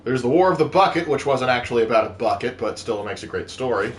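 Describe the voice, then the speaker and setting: A man co-hosting a casual livestream, reading viewer questions and joking around. He stammers through restarts, and his pitch moves a lot. He sounds like he is in a roomy, echoey space with faint noise behind him. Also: expressive, fast.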